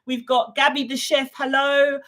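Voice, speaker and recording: Casting note: English woman, somewhat high voice, rambling live-stream host chatting with viewers. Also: flat delivery, moderate pace, a bit bright. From United Kingdom. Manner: chatty and rambling, reading viewer comments aloud. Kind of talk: unscripted live Q&A chat.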